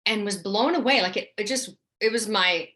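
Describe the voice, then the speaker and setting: A middle-aged woman telling her story as an interview guest, chatty and animated. Her voice is bright and forward, with a medium pitch for a woman. She slips into acted-out quotes as she goes. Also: moderate pace. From New Orleans. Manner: chatty and animated, acts out quoted lines with a higher voice. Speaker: guest, UFO experiencer and actress.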